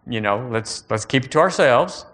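A man preaching a sermon in a folksy, animated way, repeating phrases and rising into bursts. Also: mid-range voice, normal speed. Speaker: pastor.

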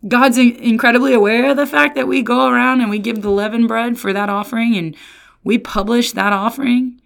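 A woman pastor giving a casual Bible lesson, lively and often slipping into sarcastic quoted voices. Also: medium pitch, brisk, vocal fry. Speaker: pastor and resident theologian.

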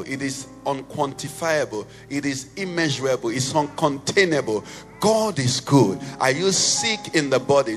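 A man preaching and leading prayer in church, with a passionate sing-song delivery that rises to shouts and falls to a hush. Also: mid-range voice. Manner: impassioned, sing-song cadence, swells to shouts then drops to hushed prayer. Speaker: pastor. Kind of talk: sermon and led prayer. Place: church sanctuary. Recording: reverberant church hall with faint music.

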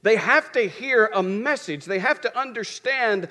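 A man's voice: sits high, animated, measured pace, sharp tone. A man preaching a sermon. He asks questions and answers them himself, and repeats phrases for rhythm.

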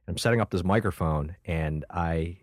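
Male comic guest, animated raconteur, slightly low pitch, tight dry studio mic. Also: moderate pace, dry recording. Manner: swears freely, acts out other people's lines. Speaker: guest comedian and combat veteran. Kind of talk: animated storytelling in a conversation. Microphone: studio microphone.

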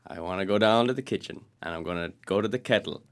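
Man, podcast co-host, low voice, teasing comic foil. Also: fast. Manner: joking and teasing, laughs often. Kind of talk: casual science chat.

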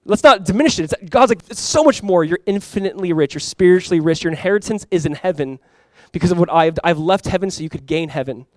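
Delivering a sermon at a quick clip, an expressive Californian pastor speaks in a voice slightly high for a man. He mixes emphatic, conversational preaching with asides and direct appeals, and the sound is close and dry with little room echo.

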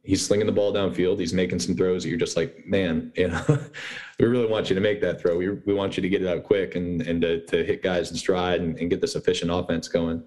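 Deep-voiced sportswriter guest. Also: male voice, fairly quick. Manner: relaxed, filler-heavy explaining. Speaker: beat writer guest. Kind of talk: casual sports talk.

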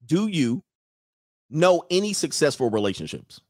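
Lively, joking livestream host, a man. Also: a little high, moderate pace, no room sound, studio quality. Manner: joking, rambling, breaks into laughter. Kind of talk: casual livestream talk reading donations.

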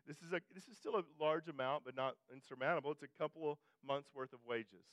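A man's voice: fairly high pitch, fast talker, fairly bright tone, no echo. A male pastor preaching a sermon in a conversational way, often restarting and repeating phrases and pushing his voice up for emphasis.

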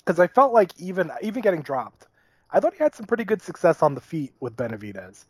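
A man's voice: high voice, very animated, fast talker, dry recording. A man co-hosting a podcast, breaking down a fight in a casual, opinionated and wry way. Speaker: podcast co-host. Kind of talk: casual sports chat.

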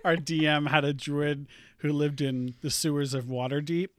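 A man's voice: on the high side, flat delivery, normal speed, dry recording. Chatty man with a dry close sound. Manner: rambling, many fillers and restarts. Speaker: podcast host, game master. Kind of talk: casual chat.

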